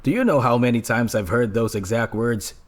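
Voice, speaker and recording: An actor dubbing a smug police investigator who questions a suspect with condescending sarcasm. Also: male voice, medium pitch, a little fast, lightly acted. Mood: mocking.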